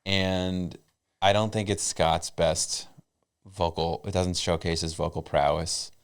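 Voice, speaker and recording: A man co-hosting a comedy podcast, giving his take in dry, teasing, unhurried casual chat. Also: deep voice, fairly even intonation, clear, resonant tone. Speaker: podcast co-host.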